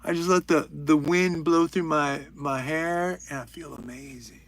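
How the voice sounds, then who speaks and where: A man's voice: fairly high pitch, steady tone, a little slow. A young man hosting a livestream, chatting casually and joking while reading out viewers' names. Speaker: livestream host.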